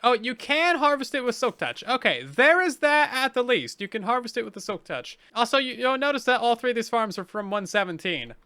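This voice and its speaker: Bright, high-voiced let's play host. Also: male voice, big pitch swings, brisk, hardly any pauses, clean tone, dry recording. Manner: upbeat, chatty, dry sarcastic jokes. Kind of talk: casual gameplay commentary.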